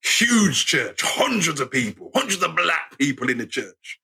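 A man in his fifties with an English accent, a guest telling animated stories in a casual interview. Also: fairly high pitch, unhurried, gravelly, breathy edge. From England. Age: 50s. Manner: animated, acts out voices in anecdotes. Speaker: guest storyteller.

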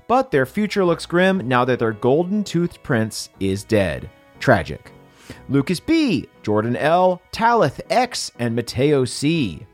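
Man, wry deadpan credits reading, animated pitch, soft music underneath. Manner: wry, deadpan one-word asides after each entry. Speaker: host reading patron credits. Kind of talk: comedic scripted credits reading.

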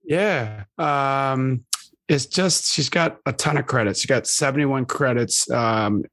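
A man's voice: mid-range voice, slow pace, a bit bright. A man co-hosting a casual movie podcast, upbeat and laughing as he talks. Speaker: podcast co-host.

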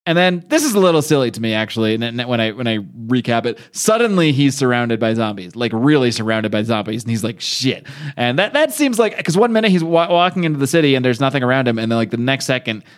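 Podcast co-host, male, casual and animated, jumps into character voices. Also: medium pitch, fast. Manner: animated retelling, acting out character lines. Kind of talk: casual comic book recap.

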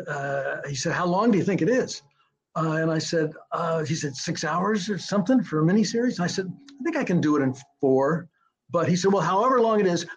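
An older man, a screenwriter guest, tells stories in a rambling way, with many fillers and restarts, and sometimes taps out a rhythm aloud. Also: on the high side. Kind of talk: anecdotal storytelling interview. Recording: dull lo-fi sound.

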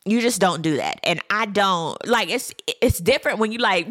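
A woman, giving a sassy, animated recap as a reality TV host. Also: moderate pace, hardly any pauses, no room sound, clean studio sound. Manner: sassy, animated commentary with dramatic pitch swings. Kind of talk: casual chat.

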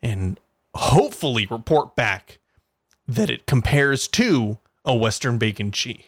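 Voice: medium pitch, big pitch swings, a little slow, breathy edge, dry recording. A giggly podcast co-host chatting over a remote call, their voice swinging widely up and down. They sound playfully grossed out, and the sound is dry and close with no room to it. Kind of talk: casual podcast banter. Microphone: remote call mic.

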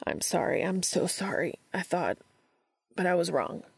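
Cass, a soft-spoken earnest man, read by a woman. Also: lowish voice, very animated, normal speed, creaky, slightly rough, dry recording, exaggerated voice. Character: gentle, earnest adult man, tender and apologetic.

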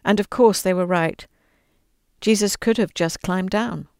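Earnest, expressive woman with smooth voice. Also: mid-range voice, a little slow, no room sound, studio quality. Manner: earnest and expressive, voicing quoted lines. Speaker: guest author reading her book. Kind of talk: conversational interview, then storybook read-aloud.

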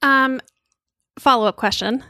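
A woman's voice: high-pitched, measured pace, bright, forceful tone, dry recording, clean studio sound. A woman co-hosting a podcast in casual chat, wry and thinking aloud with plenty of fillers. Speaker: podcast co-host.

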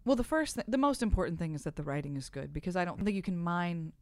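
A middle-aged actress, a guest in a podcast interview, telling animated, self-deprecating stories from the stage. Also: female voice, fairly low pitch, quick pace, no echo, studio quality. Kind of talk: conversational interview.

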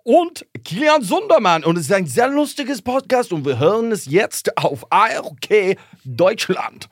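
An Irish man putting on a pompous German radio announcer, talking slowly and over-enunciating. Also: high voice, big pitch swings, no echo, clean studio sound. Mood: announcing.

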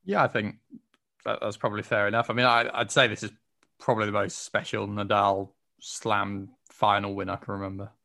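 Low-voiced man, hedging. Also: flat delivery, gravelly, pushed and bright. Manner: measured, hedging. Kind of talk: casual chat.

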